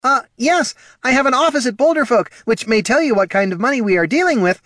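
A man's voice: sits high, normal speed, fairly bright tone, no room sound, clean studio sound, voice pushed up. A man voicing a small, anxious male gnome businessman who stammers and rambles in panic. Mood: panicked.

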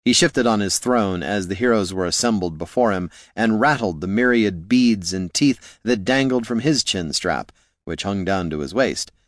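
A man reading fantasy fiction as an audiobook narrator in steady storytelling style. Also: fairly low pitch, normal speed, no room sound, clean studio sound.

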